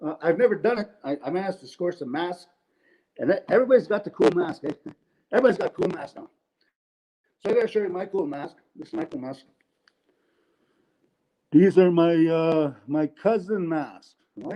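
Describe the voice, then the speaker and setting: This is a high-pitched, expressive male voice with a dark tone and a brisk delivery, captured in a rough recording. The speaker, a middle-aged Canadian comedian, rambles through stand-up stories on a webcam from inside his home for an online event. Tag questions pop up often, and he laughs at his own jokes.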